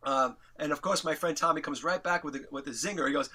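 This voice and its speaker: Bright-voiced man telling a story animatedly. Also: fast, few pauses. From New York. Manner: excitable, acts out quotes with big pitch jumps, swears casually. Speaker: interview guest, musician.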